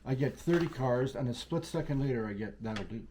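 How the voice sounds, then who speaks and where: A man's voice: mid-range voice, fairly quick, mellow, slight background noise. A man hosting a casual chat, telling a story in a dry, understated way. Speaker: host.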